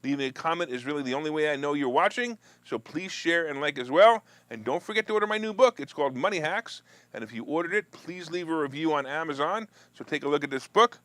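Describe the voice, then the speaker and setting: A man's voice: animated, fast, hardly any pauses, a bit bright, dry recording. A man hosting a live finance and politics talk show, chatting loosely with viewers and joking, with restarts and asides. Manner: mocks opponents in a whiny high voice. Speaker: host of a stock market talk show.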